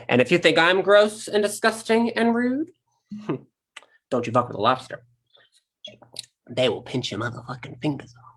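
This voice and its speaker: A man's voice: a little high, fairly bright tone, slightly rough, full character voice. A man in a one-man stage monologue streamed online, playing a sassy, vain, profane trapped insect who talks straight to the audience. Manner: sassy, brash, addresses the audience directly.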